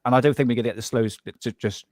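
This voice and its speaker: A man's voice: mid-range voice, fairly even intonation, fast talker, darkish tone, dry recording, clean studio sound. A man from Southwest England with a Southwest English accent, chatting casually on a live stream as co-host, rambling with frequent restarts. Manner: rambling, restarts often, says "mate".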